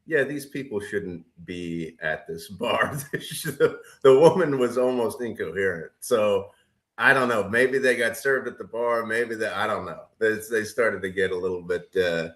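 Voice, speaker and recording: A man's voice: fairly low pitch, moderate pace. A man co-hosting a casual podcast chat, rambling with many fillers and restarts. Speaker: podcast co-host.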